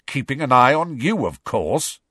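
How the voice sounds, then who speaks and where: A man voicing a brisk, frank adult wizard with a wry, impatient edge in an audiobook. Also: mid-range voice, sing-song, a bit bright, breathy edge, dry recording, clean studio sound, voice pushed up, heavily acted. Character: adult male wizard, wry, bold, fond godfather. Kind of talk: audiobook character voice.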